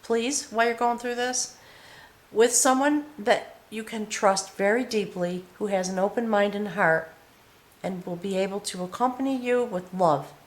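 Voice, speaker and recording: A woman at a mid pitch gives a heartfelt tarot reading indoors. She speaks to the viewer directly and earnestly, often pausing to check in with a quick "okay?". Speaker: tarot reader. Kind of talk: intimate spiritual tarot reading to camera.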